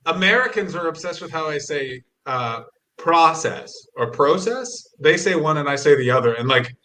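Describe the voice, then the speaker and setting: Brief: Canadian male comic, bright fairly high voice, rambly and wry. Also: a little fast. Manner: rambling, self-correcting, wry asides. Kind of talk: casual chat.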